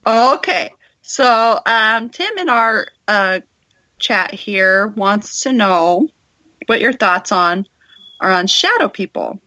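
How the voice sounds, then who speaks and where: A woman's voice: mid-range voice, animated, slow pace, sharp tone, dry recording. Chatty woman host, dry close sound. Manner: chatty, lots of "like" and "you know". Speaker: podcast host. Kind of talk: casual chat.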